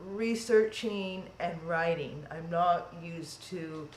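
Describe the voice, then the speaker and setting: Slow, chatty woman hosting a livestream. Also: lowish voice, slight background noise. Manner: chatty, rambling, self-deprecating. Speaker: livestream event host. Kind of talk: casual live-stream chat. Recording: roomy echo.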